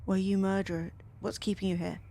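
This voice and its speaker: A woman streaming a video game live, talking excitedly to herself and her chat, often swearing. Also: mid-range voice, normal speed, creaky. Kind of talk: live gaming commentary.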